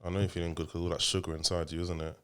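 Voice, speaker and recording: A man with a very low voice hosts a relaxed podcast chat as a father. He talks in a teasing, rambling way and often repeats his questions. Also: racing, clear, resonant tone.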